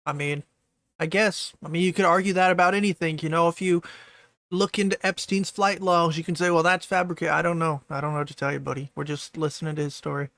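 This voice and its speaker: Laid-back gravelly male streamer. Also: fairly high pitch, level tone, fast, a bit bright. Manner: laid-back, reads chat questions aloud. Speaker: streamer reacting to a video. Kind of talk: casual live-stream commentary.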